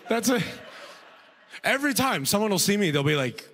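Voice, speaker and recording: A man performing a stand-up comedy routine, animated and laughing at his own jokes. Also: sits high, measured pace, pauses often, a little hiss or hum. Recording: long hall reverb.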